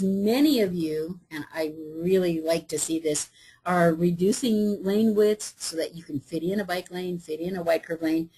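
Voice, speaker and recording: Husky-voiced woman giving a conference talk. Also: on the low side, darkish tone, low-quality recording. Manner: conversational, with fillers and asides. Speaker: state transportation official presenting. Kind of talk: conference presentation.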